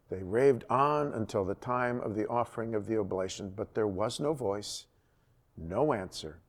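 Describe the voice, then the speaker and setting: A man leading a church Bible study, retelling a scripture story in a lively storytelling manner. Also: lowish voice.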